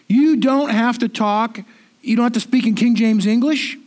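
A man's voice: very high-pitched, moderate pace, a little mellow. A middle-aged man giving a sermon in a conversational, self-deprecating way, often repeating himself. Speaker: pastor.

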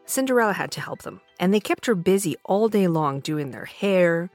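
A woman hosting a children's storytime show, narrating a fairy tale gently and expressively. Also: lowish voice, lively intonation, moderate pace, dry recording, faint music behind. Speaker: storytime host.

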